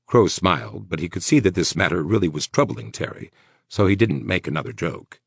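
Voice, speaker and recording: A man narrating a horror novel audiobook in a measured storytelling manner. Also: deep voice, sing-song, creaky, breathy edge, no room sound, clean studio sound.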